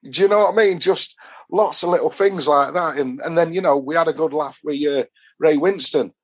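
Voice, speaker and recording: A man's voice: on the high side, fairly quick. A man from Doncaster with a Yorkshire accent, a football fan guest telling long rambling anecdotes and acting out what people said to him. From Doncaster, England. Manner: rambling storyteller who acts out quoted dialogue.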